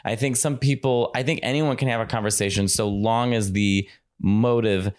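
A man's voice: lowish voice, normal speed. Talkative man with a Chicago accent. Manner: animated, talkative. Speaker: comedian guest. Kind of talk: casual chat.

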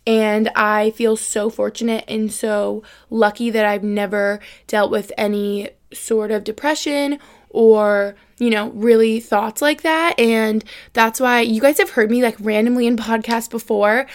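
A woman's voice: a little high, fairly even intonation, unhurried. A young woman hosting her own podcast, rambling in a chatty, earnest way with lots of "like" fillers, turning emotional at times. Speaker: podcast host. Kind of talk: casual solo podcast chat.

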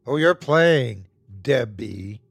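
A menacing, domineering gunman who barks threats at his friends, as a male narrator puts him on. He sounds close to the mic in a dry room with no echo, and his pitch sits mid-range for a man. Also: animated, measured pace, fairly bright tone, soft background music. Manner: commanding, threatening.

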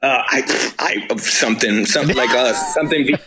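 Lively German man telling tour stories. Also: mid-range voice, moderate pace, noisy background. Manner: rambling, animated, swears casually. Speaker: musician guest. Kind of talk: casual storytelling.

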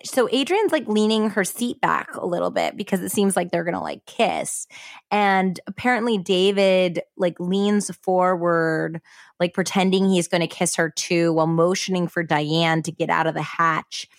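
Chatty, profane woman, low voice, dry sound. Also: normal speed, no room sound. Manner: chatty, frequent "like", blunt and profane. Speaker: podcast host. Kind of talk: casual true-crime storytelling.

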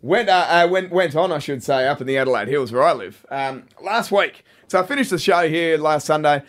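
Australian man co-host, slightly higher voice, chatty rambling storyteller. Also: a little fast. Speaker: radio co-host. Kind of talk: casual banter and storytelling.

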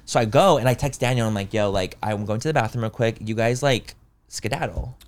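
Fast-talking young man telling a story. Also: medium pitch. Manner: animated storytelling, heavy use of "like", acts out dialogue. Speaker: storyteller on a podcast. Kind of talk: casual chat.

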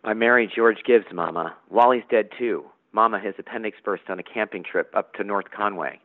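Brief: grieving young woman's farewell, read by a man, soft and pleading, tinny phone sound. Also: on the low side, normal speed, lightly acted. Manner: pleading, tearful. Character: young dead woman, anguished and tender.

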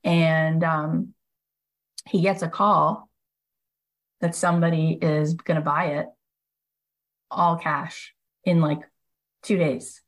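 Low-voiced woman telling a story. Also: takes it slowly, pauses often, rough recording. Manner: animated retelling, frequent "like" fillers. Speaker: podcast host and coach. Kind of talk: casual storytelling monologue.

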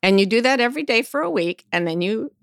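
A woman's voice: fairly high pitch, expressive, quick pace, creaky, clear, resonant tone, no room sound, clean studio sound. A middle-aged woman, a podcast guest, telling vivid personal stories in a frank, blunt way. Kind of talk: storytelling in casual conversation.

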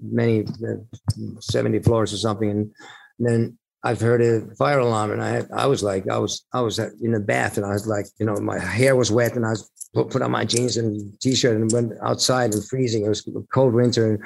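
A man's voice: medium pitch, vocal fry, poor audio. A middle-aged man from Finland, a rock singer being interviewed, telling rambling anecdotes with laughs and restarts. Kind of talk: casual storytelling interview.

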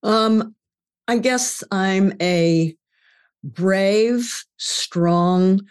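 A woman's voice: mid-range voice, drawn-out words, smooth. An older woman speaking as a podcast guest, reflective and emphatic in her talk. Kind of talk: podcast conversation.

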